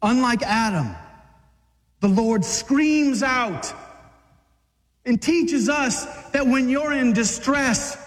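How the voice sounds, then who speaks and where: An impassioned man preaches a sermon, driving hard and swinging between hush and shout. His voice sits high, and a long reverb from a large hall trails behind each line. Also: lively intonation, takes it slowly, pauses often.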